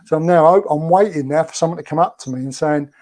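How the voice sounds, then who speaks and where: A man's voice: fairly high pitch, fast, mellow. A man telling anecdotes as a guest, chatty and rambling with lots of fillers. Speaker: guest, former film extra.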